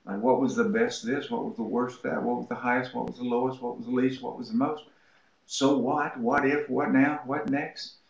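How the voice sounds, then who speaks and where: A male writing instructor talks from his home office, spinning anecdotes and switching into the voices of the people in them. His voice sits at a middling pitch. The recording is roomy and a little dull, like a lo-fi call. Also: moderate pace, gravelly. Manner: animated anecdotes, acting out quoted voices. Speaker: writing instructor, interview guest. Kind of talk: storytelling interview answer.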